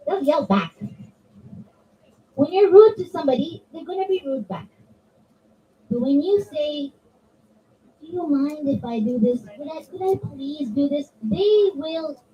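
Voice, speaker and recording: A high-pitched woman leads a children's religious class in a religious center hall, making her talk interactive and animatedly acting out examples in different voices. The mic is distant and the sound lo-fi.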